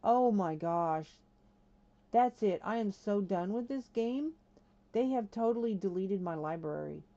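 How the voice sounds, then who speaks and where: A woman's voice: medium pitch, lively intonation, moderate pace, warm tone. A woman streamer chatting casually over a live game stream in a middle-range voice, exclaiming in alarm as she talks half to herself and half to her viewers. The audio comes through dull and slightly lo-fi.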